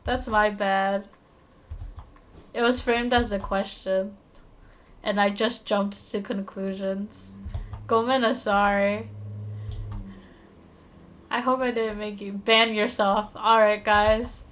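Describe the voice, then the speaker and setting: Slow-talking playful woman streamer. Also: medium pitch, steady tone, fairly bright tone. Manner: playful, rambling, self-mocking, quick to apologize and laugh. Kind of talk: casual live-stream chat while drawing.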